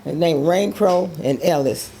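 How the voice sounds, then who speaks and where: An animated woman in her seventies telling stories from her life. She slips into other people's voices and laughs easily, while faint noise hums in the background. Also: deep voice, a little slow. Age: 70s. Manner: animated storyteller, acts out voices, laughs often. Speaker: interview guest. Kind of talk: storytelling chat.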